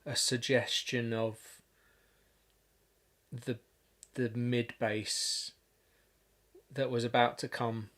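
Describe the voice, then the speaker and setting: Slow, halting man thinking aloud. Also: medium pitch, flat delivery, a bit bright. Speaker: music producer streaming a session. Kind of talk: casual livestream talk.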